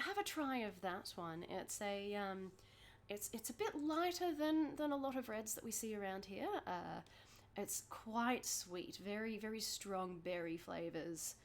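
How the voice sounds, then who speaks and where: A woman's voice: mid-range voice, natural voice. A woman voicing a young, stylish female half-elf wine merchant who chats breezily and gossips with candid asides in a tabletop role-play. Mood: enthusing.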